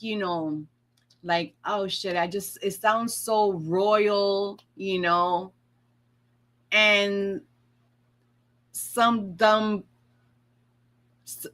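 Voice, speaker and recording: A woman's voice: medium pitch, pushed and bright. A woman talking to her viewers as a tarot and astrology vlogger, in a chatty rambling monologue where she swears freely and acts out her own past remarks.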